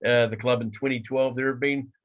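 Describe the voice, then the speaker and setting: Dry, steady sports news reader. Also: male voice, medium pitch, fairly quick. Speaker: podcast co-host. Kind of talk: reading sports news in casual chat.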